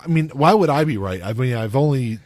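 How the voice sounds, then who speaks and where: Animated, rambling male podcast host. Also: mid-range voice, fairly quick, no echo. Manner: rambling, stop-start phrasing. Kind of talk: casual chat.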